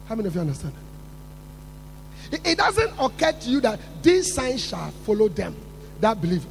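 A man delivering a sermon in a very high, lively voice that swings wide in pitch and carries a gravelly rasp. He builds emphatically, repeating words and rising toward shouts. A faint mains hum sits under the recording. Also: moderate pace. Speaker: preacher.

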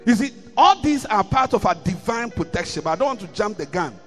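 A man's voice: high voice, sing-song, a little fast, fairly bright tone, in a large hall, soft background music. A man preaching a sermon, reading scripture and repeating key lines with rising emphasis.

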